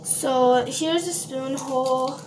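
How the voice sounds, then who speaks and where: A woman's voice: sits high, fairly even intonation, slow, noisy background. A woman from Minnesota, chatting casually to viewers while she bakes in her home kitchen, rambling and full of fillers. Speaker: home baker vlogger. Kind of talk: casual baking vlog. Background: dishes and cutlery clatter.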